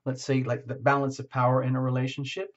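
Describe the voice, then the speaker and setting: A man's voice: medium pitch, completely flat delivery, fast. Man rambling through a tarot reading. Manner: rambling, searching for words, frank. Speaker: tarot reader. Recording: slightly muffled lo-fi recording.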